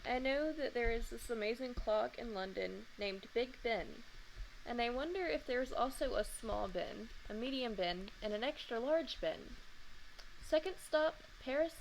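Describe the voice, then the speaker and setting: A woman's voice: on the high side, a little hiss or hum, poor audio. A young woman hosting a read-aloud of a children's book, adding chatty asides. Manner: chatty asides between reading.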